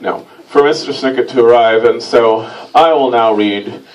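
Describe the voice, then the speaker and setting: A man hosting a comic stage reading, teasing his volunteers in a dry, mock-pompous deadpan. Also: mid-range voice, moderate pace. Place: stage before a live audience. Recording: distant mic, loud crowd laughter and noise.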